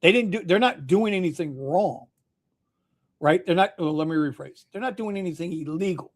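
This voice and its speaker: A man's voice: high-pitched, moderate pace. A man hosting a casual livestream chat, loose and jokey, throwing in "bro" and laughing often. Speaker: host.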